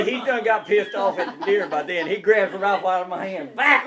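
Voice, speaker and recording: A man's voice: high voice, normal speed, few pauses, over a noisy crowd. A man telling a hunting story to family, laughing as he goes. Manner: laughing, animated, colloquial storytelling.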